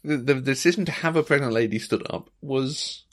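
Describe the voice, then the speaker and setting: Guy, wry and measured, casual podcast chat. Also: medium pitch.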